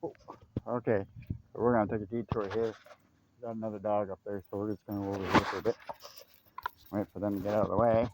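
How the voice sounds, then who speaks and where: A man's voice: on the low side, level tone, quick pace, pauses often. Chatty man walking his dog outdoors. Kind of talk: casual outdoor walk-and-talk. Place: outdoors on a trail by a river. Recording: faint outdoor noise.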